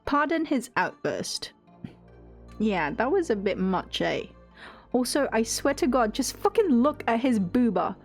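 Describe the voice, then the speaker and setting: A woman's voice: on the high side, big pitch swings, a little slow, faint music behind. A young woman streaming a game, chatting casually with viewers, reading chat aloud and giggling often. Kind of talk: casual live-stream chat while gaming.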